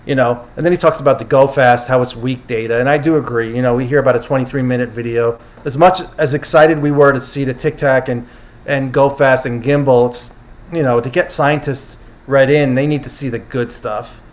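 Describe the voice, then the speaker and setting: Brisk and steady in tone, this mid-range male voice belongs to a livestream host summarizing a conference in a relaxed, chatty way. He fields questions from viewers, quotes the speakers only loosely, and keeps correcting himself.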